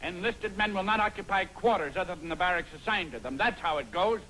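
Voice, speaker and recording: An actor playing a fretful army major in a 1950s film comedy, exasperated and easily rattled. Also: male voice, sits high, fast talker, pushed and bright, slight background noise, low-quality recording.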